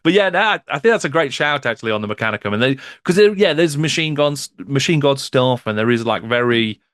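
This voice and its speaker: A man's voice: mid-range voice, lively intonation, brisk, fairly bright tone, no echo, studio quality. A man guesting on a film podcast, talking thoughtfully with frequent restarts. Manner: thoughtful, with many restarts and "you know"s. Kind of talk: casual film podcast chat.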